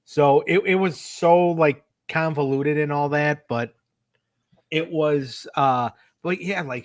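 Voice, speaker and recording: A man's voice: fairly high pitch, no echo. A man co-hosting a casual wrestling review podcast, telling a backstage story in a loose, rambling way and acting out the quotes. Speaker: podcast co-host.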